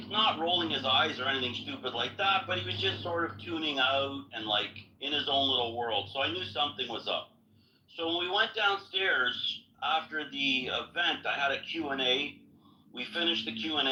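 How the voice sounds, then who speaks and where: Man, mid-pitched and piercingly bright, matter-of-fact explainer, dull and roomy recording. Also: far from the mic. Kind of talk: casual storytelling. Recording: echoey room, dull sound.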